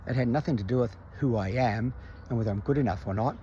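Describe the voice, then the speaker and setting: A man's voice: medium pitch, quick pace, dark tone, muffled recording, slight background noise. A man candidly telling a personal story in a conversational, self-reflective way, recorded outdoors. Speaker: vlogger.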